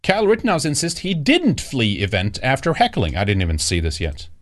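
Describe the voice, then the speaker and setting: Male host, lively pitch, loose rambling commentary. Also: a little fast. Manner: rambling, animated, often mocking. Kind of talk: casual political commentary.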